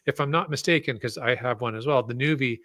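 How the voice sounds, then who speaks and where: Upbeat man with a bright voice. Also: medium pitch, fast talker, no room sound, clean studio sound. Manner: upbeat, chuckling. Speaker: podcast co-host. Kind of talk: casual chat.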